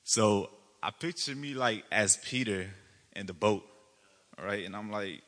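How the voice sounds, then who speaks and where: A young man giving a church testimony, an animated storyteller who acts out his own excitement. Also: on the low side, a little slow, long reverb tail.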